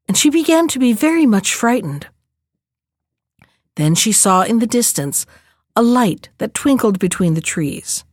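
A woman librarian reads a fairy tale aloud with a clear, even storytelling delivery. Her voice sits at a middling pitch. The recording is dry and close. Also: no echo.

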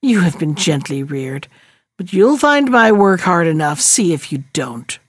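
A woman's voice: lowish voice, big pitch swings, unhurried, no room sound, studio quality, pitched below the performer's own voice. A woman voicing a cruel old witch from a storybook, who snarls and growls her threats. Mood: menacing. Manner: growling, menacing.

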